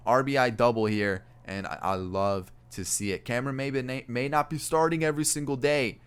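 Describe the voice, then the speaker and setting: Excitable young man commentating a game. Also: mid-range voice, clean tone. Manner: excitable, exclaims over big plays. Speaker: gaming YouTuber. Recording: faint background music.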